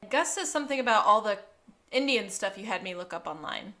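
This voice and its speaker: A woman's voice: mid-range voice, expressive, a little fast, sharp tone. A woman co-hosting a podcast, chatting casually and laughing often as she recaps a TV episode. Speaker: podcast co-host.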